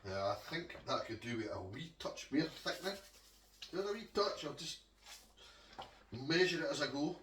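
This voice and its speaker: A man's voice: on the high side, big pitch swings, moderate pace, long pauses, fairly bright tone, roomy sound, far from the mic, a little hiss or hum. A Scottish man chatting homely to viewers while he cooks in his kitchen. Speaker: home cook vlogger. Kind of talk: casual cooking demonstration. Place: home kitchen.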